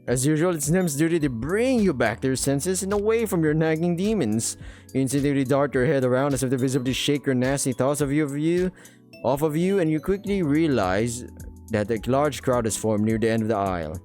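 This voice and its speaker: A man's voice: medium pitch, lively intonation, a little fast, darkish tone, soft background music. A man reading a visual novel aloud for his channel, mixing the narration with dry, joking asides.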